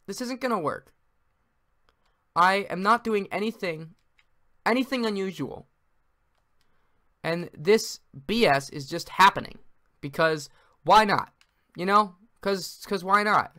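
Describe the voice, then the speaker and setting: A man commentating his own gameplay in a frantic, exasperated rush, ranting and now and then yelling at the screen. His voice is bright and sharp-edged, and his pitch swings widely from low mutters to cracking highs. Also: expressive, unhurried, pauses often. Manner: frantic, exasperated, rants and yells at the game. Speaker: gaming video creator. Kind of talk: let's-play commentary.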